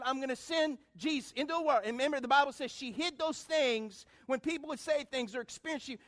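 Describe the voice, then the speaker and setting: A middle-aged man preaching a sermon, calling out to the congregation and swinging between loud appeals and hushed lines. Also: very high-pitched. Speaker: pastor.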